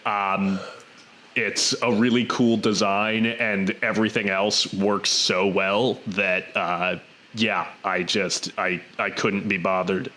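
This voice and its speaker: A man talking about movies in an unhurried, easygoing way, often pausing on "um" and "uh". His voice is bright and forward, and he takes his time with each thought. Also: fairly low pitch, slight background noise. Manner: relaxed, thoughtful, many "um"s and "uh"s. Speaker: podcast co-host. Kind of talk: casual film chat.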